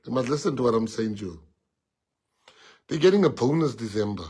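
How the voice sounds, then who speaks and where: A man with a South African accent telling a casual anecdote in an interview, talking in an animated way and switching between English and Afrikaans. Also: medium pitch, brisk, slightly rough. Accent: South African, mixing in Afrikaans.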